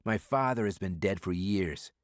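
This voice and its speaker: A man's voice: low voice, moderate pace, no room sound, clean studio sound, close to an everyday voice. A man voicing a guarded, blunt businessman in an audiobook thriller, raising his voice a little above his narrating tone. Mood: wary. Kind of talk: audiobook character voice.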